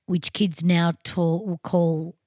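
A woman's voice: on the low side, slow pace, no room sound, clean studio sound. An Australian woman co-hosting a podcast in casual chat, telling stories with a blunt, sweary edge. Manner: animated storytelling, blunt and sweary. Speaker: podcast co-host.

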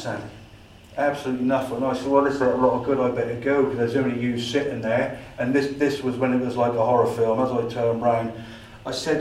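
A man, a paranormal investigator, telling an animated story at a society meeting and acting out his own dialogue. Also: mid-range voice, a little fast, a little hiss or hum. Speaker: paranormal investigator giving a talk. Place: meeting room. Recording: echoey room from far off.

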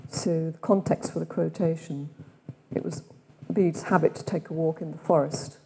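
A woman's voice: deep voice, steady tone, normal speed, creaky, dark tone, husky, big-room sound. An older woman with an English accent leading a retreat day, speaking reflectively and asking many questions. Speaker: retreat leader. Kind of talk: retreat talk with read-aloud quotations. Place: meditation centre room.

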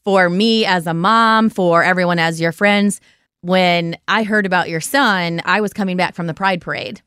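A woman's voice: fairly low pitch, fairly even intonation, a bit bright, clean tone, dry recording. Blunt, emphatic woman host, dry sound. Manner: emphatic, blunt, fast-talking and swearing. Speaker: podcast host. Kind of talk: conversational interview.

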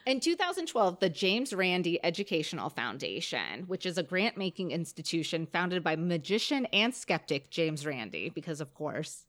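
A woman with a fairly low voice that swings widely up and down co-hosts a casual podcast. She reads from her research notes, laughs often and swears freely. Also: fairly bright tone. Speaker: podcast co-host.

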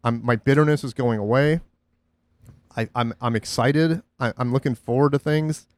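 A man in a casual podcast chat, rambling and candid, often restarting his sentences. His voice sits at an ordinary middle pitch. The room sound is dry and close. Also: moderate pace, no room sound. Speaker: podcast host.

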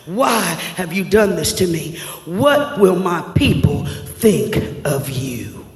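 A man's voice: high voice, big pitch swings, takes it slowly, soft background music, voice pushed down, exaggerated voice. A man acting out a grieving biblical leader who cries out to God after a lost battle. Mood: pleading. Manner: pleading, lamenting. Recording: echoey hall.

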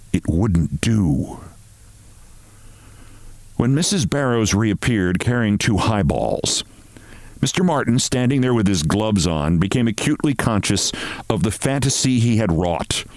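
A man reads a story aloud with a lowish voice that rises and falls expressively. His delivery is measured and dramatic, recorded close and dry. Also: expressive, no echo. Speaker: host reading a short story.

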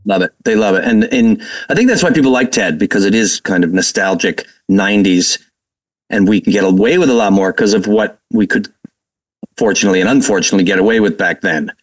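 A man from Massachusetts, a guest actor telling animated stories in a casual interview. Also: fairly low pitch, fairly quick, far from the mic, rough recording. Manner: animated, quotes people in their voices, laughs while telling stories.

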